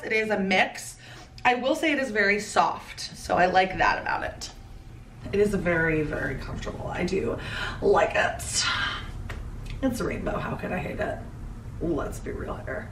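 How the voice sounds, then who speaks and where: A woman in her thirties giving a chatty, playful fashion haul commentary with quick asides. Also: medium pitch, a bit bright, echoey room, recorded from a distance, a little hiss or hum. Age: 30s. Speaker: fashion vlogger.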